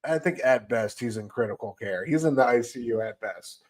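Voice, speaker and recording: A man co-hosting a casual comic book podcast, retelling the story with lots of energy and acting out bits of dialogue. His voice sits in an ordinary middle pitch. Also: fairly quick. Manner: animated retelling, acts out characters' lines. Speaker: podcast co-host.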